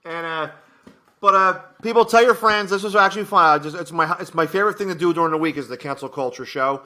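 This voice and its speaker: A man with a bright, forceful, slightly high voice tells stories in casual chat. He rambles, stops and restarts often, and leans on fillers. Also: fast. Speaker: podcast co-host, comedian. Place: home studio.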